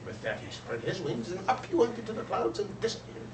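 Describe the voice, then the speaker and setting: A man telling a traditional folk tale aloud in an expressive storyteller's manner. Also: sits high, brisk, hardly any pauses, background noise. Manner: expressive, lively voices for characters. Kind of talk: oral storytelling. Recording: roomy, distant, faint ambience.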